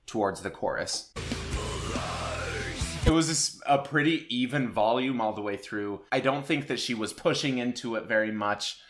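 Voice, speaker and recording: A man reacting to a song as a vocal coach, with measured, analytical commentary. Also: medium pitch, over music.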